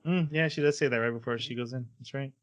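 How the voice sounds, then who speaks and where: A man's voice: medium pitch, fast talker. Man rambling through a plot recap. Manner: rambling plot retelling with fillers and laughs. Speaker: podcast co-host. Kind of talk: casual anime recap chat.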